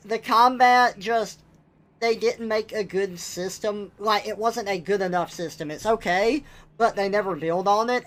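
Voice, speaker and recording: Sex: man. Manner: exasperated, blunt. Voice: bright. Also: sits high. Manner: blunt, exasperated ranting with swearing. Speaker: livestreamer. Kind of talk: casual live-stream rant.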